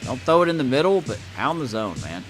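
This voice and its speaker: A man's voice: medium pitch, big pitch swings, fairly quick, fairly bright tone, faint music behind. A man casually commenting on his baseball video game, chatty and self-deprecating, reacting to each play. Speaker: gamer playing a baseball franchise mode.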